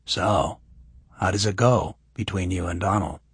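A man's voice: low voice, unhurried, slightly rough, dry recording, full character voice. A man voicing an easygoing, curious young man in an audiobook, asking casual questions.

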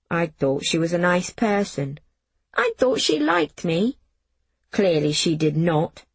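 A woman reading a first-person story aloud in a measured storybook narration. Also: fairly low pitch, breathy edge, no room sound. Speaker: audiobook narrator.

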